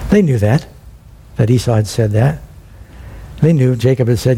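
A man's voice: mid-range voice, moderate pace, pauses often, slightly rough. A man teaching a sermon verse by verse, in a conversational way, acting out the people he quotes. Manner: conversational Bible teaching with lively quoted voices. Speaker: preacher.

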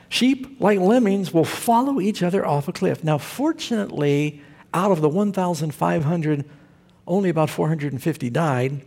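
Slightly high and expressive, this husky, somewhat mellow voice belongs to a pastor from Southern California who speaks at a measured pace with long pauses. His sermon mixes funny stories with rhetorical questions aimed at the congregation.

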